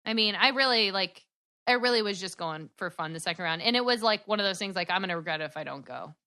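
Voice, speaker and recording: A woman's voice: mid-range voice, expressive, quick pace, bright, forceful tone. A young woman as a podcast guest, telling stories in a rambling casual chat full of "like". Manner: rambling, filler-heavy with frequent "like".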